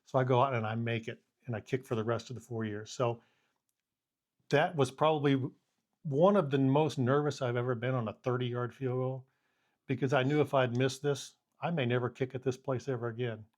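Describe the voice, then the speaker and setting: A man in his fifties casually recounting his college football days. He tells the stories animatedly, acting out moments with quoted lines, in an ordinary male voice at a middle pitch. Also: fairly quick. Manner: animated storyteller who acts out the scene with quoted lines. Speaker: former college punter and kicking coach. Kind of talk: casual anecdote telling.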